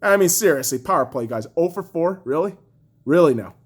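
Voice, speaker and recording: A young man vents on his podcast, cursing and mocking his own team. His voice swings wildly, jumping to shouts and then dropping to bitter grumbles. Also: a little fast, husky. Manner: profane, furious, mocking; lively pitch swinging from shouts to low mutters. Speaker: podcast host. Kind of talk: angry sports rant.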